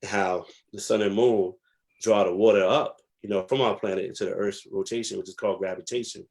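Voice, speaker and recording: A man's voice: fairly low pitch, steady tone, brisk, darkish tone. A man from New Jersey, a guest historian, telling stories from his past in a reflective, emphatic way with many fillers. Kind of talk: casual interview storytelling.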